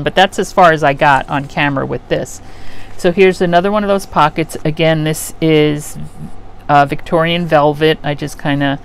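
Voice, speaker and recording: A middle-aged woman hosting a craft channel, chatting casually and rambling as she works at home, often trailing off mid-sentence. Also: deep voice. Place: home craft room with an air conditioner running. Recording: faint air conditioner hum behind.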